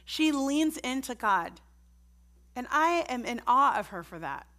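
A woman's voice: high-pitched, very animated, unhurried, pushed and bright. Earnest middle-aged woman preaching. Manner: earnest, conversational, asks the congregation direct questions. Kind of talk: sermon.

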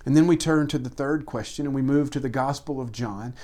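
A man preaching a sermon as the pastor. He builds emphasis through rhythmic, repeated lists and then drops into hushed, near-whispered passages. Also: medium pitch, brisk.

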